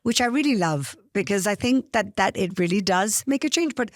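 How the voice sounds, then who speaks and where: A woman's voice: medium pitch, lively intonation, normal speed, dry recording, clean studio sound. A woman co-hosting an interview show, speaking in an encouraging, appreciative way. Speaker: co-host.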